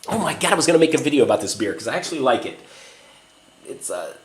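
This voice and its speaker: A man's voice: mid-range voice, sing-song, quick pace, recorded from a distance. A man vlogging in a rambling, chatty way, swearing now and then, giving a tour of a small apartment. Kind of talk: casual vlog chat and apartment tour. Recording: echoey room, voice off-mic, faint ambience.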